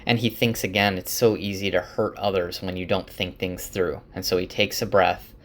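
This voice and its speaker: Low-voiced man casually recapping a book. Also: moderate pace. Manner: relaxed and chatty, with many fillers and restarts. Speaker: narrator summarizing a novel for his wife.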